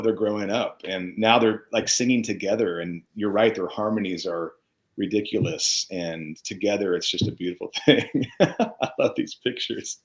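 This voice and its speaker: A man's voice: deep voice, rough recording. A middle-aged man talking in a casual interview, heartfelt and earnest, getting a little choked up as he speaks. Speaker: guest musician.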